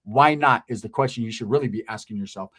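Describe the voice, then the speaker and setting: A man telling a comedic street story in profane slang, in an animated way. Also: fairly low pitch, fast.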